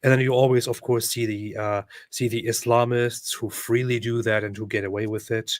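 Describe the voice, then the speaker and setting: A man's voice: medium pitch, little pitch movement, moderate pace, dry recording, clean studio sound. A man co-hosting a casual livestream, reading viewer comments aloud and laughing often.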